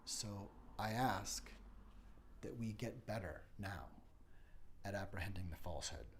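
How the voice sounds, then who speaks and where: A man delivering an impassioned spoken-word meditation, dropping to whispers and rising to shouts. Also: fairly low pitch, unhurried, a little hiss or hum. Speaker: monologue speaker.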